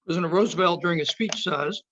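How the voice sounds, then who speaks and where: A man with a somewhat high voice tells history at a museum talk, leaning hard on the dramatic moments. His emphatic storytelling comes through a muffled, lo-fi recording. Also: fast, a bit bright, slight background noise. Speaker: museum speaker. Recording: dull lo-fi sound.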